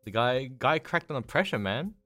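A young man chats as a podcast co-host in a laid-back, teasing way. His voice sits at a middling pitch. The recording sounds dry, with no room echo. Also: expressive, normal speed, pushed and bright, soft background music. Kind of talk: casual chat.

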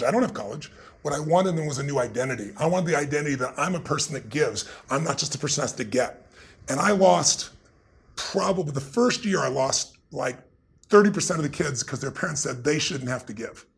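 A middle-aged man with a gravelly, husky voice telling a story as a guest, intense and emphatic. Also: fairly high pitch, expressive, fairly quick. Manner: intense, emphatic, acts out the people in his stories. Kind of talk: animated storytelling in a conversation.

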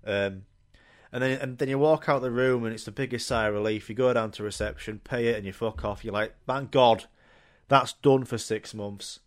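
A man's voice: mid-range voice, steady tone, brisk, dry recording, studio quality. Blunt, swearing podcast man. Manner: swears freely, jokey and blunt. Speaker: podcast host. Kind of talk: casual solo podcast rant.

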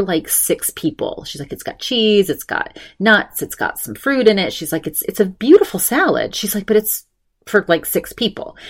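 A middle-aged woman hosting a podcast, telling a story casually, with lots of fillers and lively acted-out quotes. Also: lowish voice. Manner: chatty, animated quoting voices, many fillers. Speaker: podcast host.

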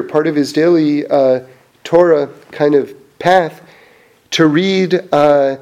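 A man telling stories and religious teachings in a casual, animated way, laughing often and restarting his sentences. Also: fairly high pitch. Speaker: storyteller sharing Torah teachings. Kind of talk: casual storytelling talk.

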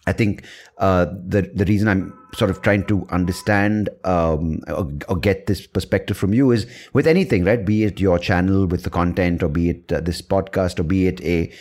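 A man with a somewhat low voice hosts a podcast conversation. He builds long, winding questions, often restarting mid-phrase and checking in with "right?" as he goes. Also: moderate pace, a little mellow. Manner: rambling, restarting, many fillers and "right?". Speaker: podcast host.

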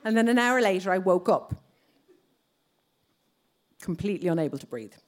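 A woman's voice: mid-range voice, animated, normal speed. A woman in her thirties with an Irish accent, telling a personal story on stage and acting out other people's lines. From Ireland.

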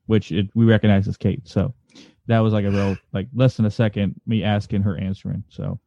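A man hosting a casual interview, a paranormal investigator himself, speaking in a halting way with restarts and fillers. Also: on the low side, level tone, gravelly, dark tone, no room sound. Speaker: podcast host and paranormal investigator. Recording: dull, dry lo-fi sound.

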